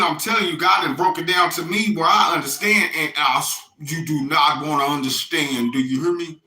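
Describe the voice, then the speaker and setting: A middle-aged man talks through a loose, profane spiritual monologue, stopping over and over to ask if you hear him. His voice sits high and cuts sharp and bright. The sound bounces around an echoey room. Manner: rambling, profane, keeps asking "you hear me?". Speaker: self-styled religious messenger.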